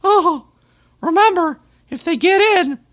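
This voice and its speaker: A shrill falsetto cartoon mouse. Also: male voice, animated, slow, fairly bright tone, slight background noise, full character voice. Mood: giddy. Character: squealing cartoon mouse man, cheery.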